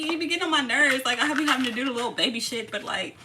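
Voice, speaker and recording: A woman in her thirties hosts a tarot channel live stream, her high, expressive voice racing along with few pauses over background noise. She chats casually, greeting viewers affectionately and laughing often.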